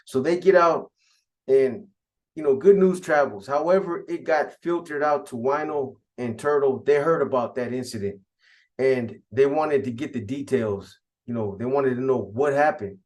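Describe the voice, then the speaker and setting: A man's voice: mid-range voice, moderate pace. A man casually recounting a prison gang story in profane street slang.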